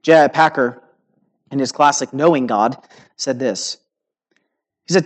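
A man preaching a sermon to a congregation, earnest and emphatic, slowing on key words and checking in with "right?". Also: medium pitch. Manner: earnest preaching with emphatic rising phrases and slow stressed words; uses filler "right?" and "okay?" to the congregation. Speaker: pastor.

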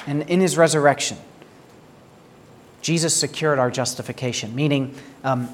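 A man's voice: on the high side, moderate pace, pauses often, slight background noise. A pastor preaching a sermon in an earnest way, asking rhetorical questions and often repeating words as he starts a phrase. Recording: long hall reverb.

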